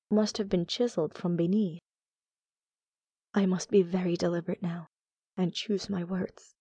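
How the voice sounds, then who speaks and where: Mellow low-voiced woman reading horror. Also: dry recording. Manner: measured, deliberate reading. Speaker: audiobook narrator. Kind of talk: scripted narration of a gothic horror tale.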